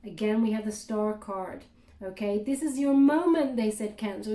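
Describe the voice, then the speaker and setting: A woman giving a casual spoken tarot reading, thinking aloud in halting bursts between cards. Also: medium pitch, mellow. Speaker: tarot reader. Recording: roomy echo.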